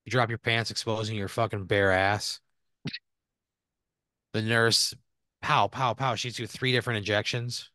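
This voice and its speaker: A man's voice: lowish voice, flat delivery, unhurried, long pauses, sharp tone, dry recording. A man hosting a comedy podcast, spinning an improvised story in a rambling, casual way and swearing freely. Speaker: podcast host.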